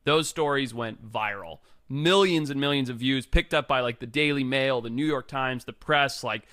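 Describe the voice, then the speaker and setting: This is a man talking as a podcast guest in an easygoing storytelling mode, his voice bright and forward at a middling pitch. He swears without a second thought, leans on "like" constantly, and slips into lively impressions of the people he quotes. The sound is dry and close, with no room around it. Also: normal speed, no echo. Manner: profane, animated, acts out quoted people; heavy use of filler "like". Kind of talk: casual storytelling.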